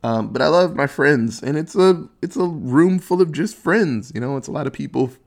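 A young man hosting a casual solo podcast, rambling and swearing, joking at his own expense and dropping into quick silly voices. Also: a little high, animated, creaky. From Ohio, USA. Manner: rambling, profane, self-mocking, acts out quick silly voices. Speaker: podcast host.

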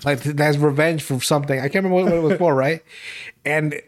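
A man with a slightly raised voice chatting on a podcast. He tells stories excitably, swears freely and breaks into laughter often. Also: fairly high pitch, quick pace. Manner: laughing, profane, excitable retelling with loud mock shouting. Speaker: podcast co-host. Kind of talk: casual chat.

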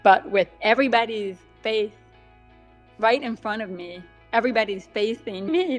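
A woman guest in a casual interview, speaking with a deaf accent that makes some sounds slightly different, chatty and quick to laugh at herself. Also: a little high, soft background music. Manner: chatty, laughs often, self-deprecating asides. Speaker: guest author.

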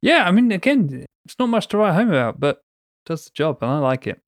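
A man's voice: a little high, sing-song, brisk, no room sound, studio quality. A man, co-hosting a podcast in casual, jokey banter. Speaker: podcast co-host. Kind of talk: casual chat.

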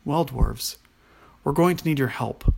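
A man's voice: a little high, unhurried, gravelly, slightly rough, exaggerated voice. A man voicing a commanding young princess who speaks graciously and takes charge.

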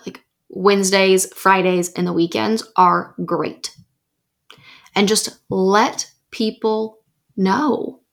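A young woman talks straight to her listeners as a podcast host, coaching them with emphatic, animated delivery. She slips into mock voices for the excuses she quotes, then snaps back to firm encouragement. Her pitch sits in an ordinary middle range. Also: vocal fry. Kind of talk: solo podcast advice talk.

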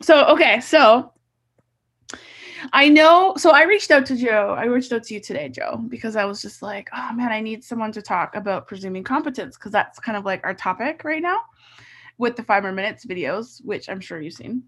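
A Canadian woman hosting a podcast interview over a video call, animated and chatty, laughing often and restarting her sentences. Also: on the high side, moderate pace, slightly rough. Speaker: podcast host. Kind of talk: casual interview chat.

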